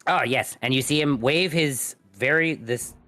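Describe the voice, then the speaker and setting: A man's voice: mid-range voice, a little slow, pushed and bright, soft background music. A man narrating as game master and voicing characters in a casual tabletop game, rambling and playful. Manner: rambling, playful, slips into odd character speech.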